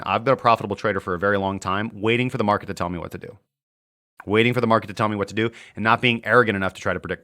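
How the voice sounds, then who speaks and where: A man's voice: on the low side, pushed and bright. A young man hosting a casual live market-analysis stream, chatty and joking as he reads viewer comments aloud. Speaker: crypto trading livestream host.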